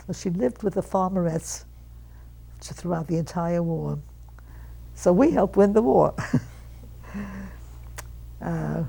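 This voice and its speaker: Interviewee, woman aged 100. Lively storyteller who performs her family's lines. Low, husky, creaky, mellow tone. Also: rough recording. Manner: animated storyteller who acts out quoted relatives. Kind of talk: reminiscing storytelling.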